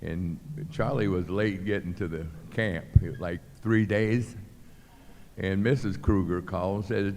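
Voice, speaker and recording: A man's voice: low-pitched, measured pace, in a large hall. An older man telling stories as a guest, acting out the voices in his tales. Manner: animated storyteller acting out quotes. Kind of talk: storytelling. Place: club venue with live audience.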